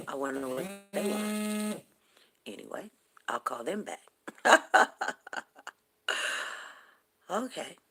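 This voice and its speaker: A woman's voice: mid-range voice, lively intonation, takes it slowly, pauses often, pushed and bright. A woman in her fifties hosting a casual morning talk stream, telling rambling, chatty stories to her viewers. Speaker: morning talk show host. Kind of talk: casual chat on a livestream.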